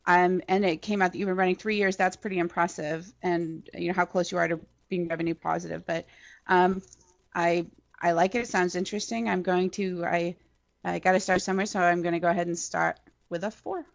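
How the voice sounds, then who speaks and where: A woman judging a pitch over a video call, giving measured feedback in a questioning way. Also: fairly even intonation, creaky. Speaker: pitch contest judge. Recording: dull lo-fi video call audio.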